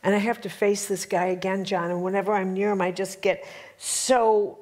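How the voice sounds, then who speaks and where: A woman teaching a spiritual workshop to a live audience, telling stories in an animated way and checking in with her listeners. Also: medium pitch, moderate pace. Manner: animated, storytelling, addresses audience with rhetorical checks.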